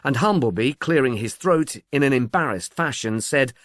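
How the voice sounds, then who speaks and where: Male audiobook reader, animated delivery, dry close studio sound. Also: medium pitch, normal speed, dry recording. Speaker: audiobook narrator. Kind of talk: scripted narration.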